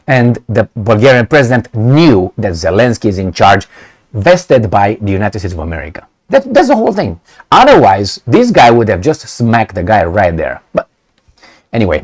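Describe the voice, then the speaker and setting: A man giving blunt, sarcastic political commentary in a casual way, with many fillers. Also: on the low side.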